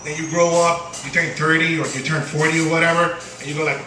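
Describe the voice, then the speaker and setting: A man doing a stand-up set on a small bar stage, halting with lots of uh and restarts, and jumping high when quoting voices. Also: little pitch movement, far from the mic, background noise. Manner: halting delivery full of uh and restarts, jumps high for quoted voices. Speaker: stand-up comedian. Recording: echoey bar room recorded from afar. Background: bar crowd ambience and laughter.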